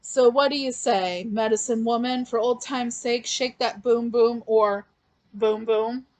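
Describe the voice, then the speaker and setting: A woman's voice: on the high side, steady tone, a little slow, a little mellow, lightly acted. A woman voicing a mocking male clown villain in a comic recap, keeping close to her own voice. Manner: lightly read-out taunts, close to her own voice.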